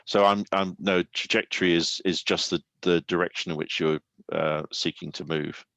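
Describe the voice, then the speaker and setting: A man's voice: sits low, steady tone, moderate pace, creaky, fairly bright tone, dry recording. A man hosting an online panel discussion, talking thoughtfully with many restarts and asking questions. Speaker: host and consultant.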